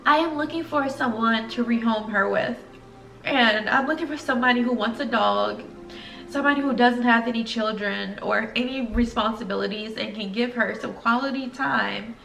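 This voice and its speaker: A woman's voice: fairly high pitch, moderate pace, vocal fry, fairly bright tone, reverberant, distant mic, faint music behind, low-quality recording. A young woman telling an emotional story to her viewers in a casual vlog, earnest and direct. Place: home room.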